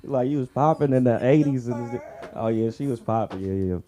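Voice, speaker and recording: A man doing a crude stand-up set at an open mic, acting out characters in shrill voices. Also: brisk, dark tone. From Southern California. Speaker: stand-up comedian. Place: comedy club stage.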